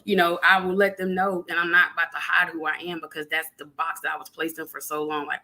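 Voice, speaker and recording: A woman with a slightly low but bright, forceful voice, speaking in a relaxed podcast conversation. She is open and affirming, and she leans into her points with emphasis. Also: fast, few pauses. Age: adult with a young son. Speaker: podcast guest, therapist. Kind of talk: casual chat.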